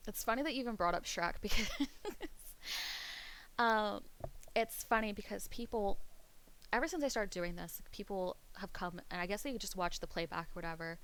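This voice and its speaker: A woman's voice: medium pitch, brisk, a bit bright. A young East Coast woman streams and talks straight to her chat in a loose, rambling way. Her Pennsylvania-tinged East Coast accent comes through, she laughs often, and she swears without a second thought. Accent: East Coast American, Pennsylvania. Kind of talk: casual chat to viewers.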